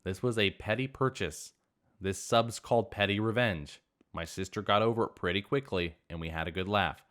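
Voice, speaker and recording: A man reading online revenge stories aloud as a narrator, with an animated, expressive delivery. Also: on the low side, normal speed. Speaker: story narrator.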